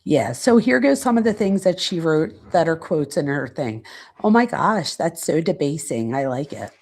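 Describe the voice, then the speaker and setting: Gravelly-voiced woman reading transcript quotes. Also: low-pitched, very animated, a little mellow. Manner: reads quotes aloud, pausing to search her notes. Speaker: true crime channel host. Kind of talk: casual reading and commentary.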